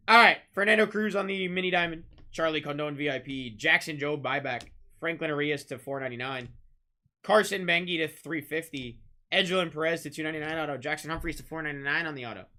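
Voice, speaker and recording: A man hosting a live-streamed trading card break, rattling off pulled cards, shouting out big hits and bantering with chat. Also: fairly high pitch. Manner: rapid-fire calling of card names, shouting big hits; chatty, teasing banter with chat.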